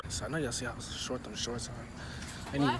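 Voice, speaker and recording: A man's voice: medium pitch, steady tone, normal speed, very noisy. Teasing young guy vlogging in a car. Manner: joking, teasing, slangy. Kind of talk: casual vlog chat. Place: inside a car.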